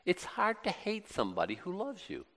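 A man's voice: high voice, huge pitch swings, moderate pace, a bit bright, big-room sound. A middle-aged man preaching a sermon in a conversational way, with plenty of rhetorical questions and repeated phrases.

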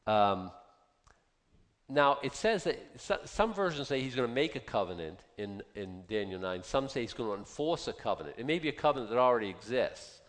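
A man in his fifties preaching a sermon in a conversational, animated way and putting questions to his listeners. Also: mid-range voice, fairly quick. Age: 50s. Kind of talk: sermon, Bible teaching. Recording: long hall reverb.

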